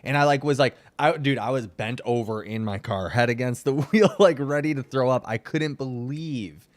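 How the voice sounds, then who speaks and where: A man's voice: medium pitch, normal speed. Laid-back slangy young man. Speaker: podcast host. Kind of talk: casual chat.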